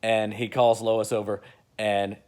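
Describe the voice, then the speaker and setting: A man's voice: on the low side, level tone, a little slow, darkish tone. A man casually retelling an imagined movie plot in a rambling, filler-heavy way. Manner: rambling, with many fillers and restarts. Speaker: video creator.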